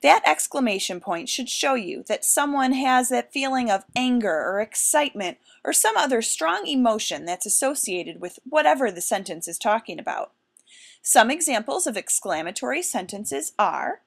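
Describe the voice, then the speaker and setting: Female teacher, bright animated delivery, clear and deliberate, lesson voice-over. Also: fairly high pitch. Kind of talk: recorded classroom lesson.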